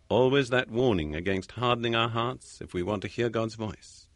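Slow, measured male preacher, dry sound. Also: mid-range voice, a bit bright, no echo. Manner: measured, slow, deliberate delivery with repeated phrases. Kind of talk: recorded sermon talk.

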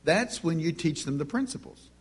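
Husky-voiced middle-aged man, storytelling parenting speaker, acts out the dialogue. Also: on the high side, animated, moderate pace. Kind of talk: anecdotal teaching talk.

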